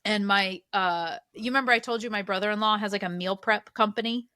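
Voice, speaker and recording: A woman's voice: mid-range voice, fairly quick, bright, forceful tone, clear, resonant tone, no echo. A woman in her thirties, co-hosting a podcast and telling a rambling, self-mocking story in casual chat. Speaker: podcast co-host.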